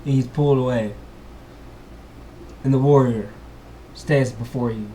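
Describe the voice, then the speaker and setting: A man's voice: medium pitch, measured pace, mellow, a little hiss or hum. A man narrating an improvised fantasy adventure as a dungeon master for his vlog, mixing dramatic storytelling with casual slang.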